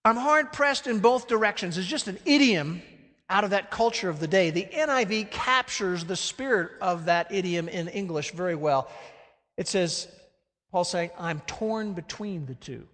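A man preaching a sermon with animated delivery, swinging between loud emphatic peaks and hushed, low phrases. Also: moderate pace, big-room sound. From Alabama. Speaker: pastor.

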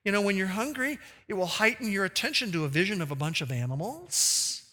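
A man preaching a sermon, lively and animated, acting out quoted voices with sudden jumps in pitch. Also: brisk. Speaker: pastor. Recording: long reverb of a large hall.

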